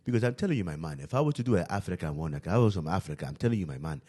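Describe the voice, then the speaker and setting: A man's voice: low voice, animated, racing, dark tone, slightly rough. A man hosting a casual podcast chat, loose and repetitive, swearing freely. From New York. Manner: loose, swearing, repeats himself. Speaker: podcast host.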